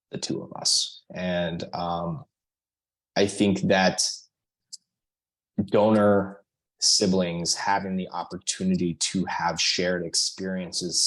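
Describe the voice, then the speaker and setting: A man speaking as a podcast guest, earnest and halting, with many fillers. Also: low voice, fairly bright tone. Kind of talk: casual conversation.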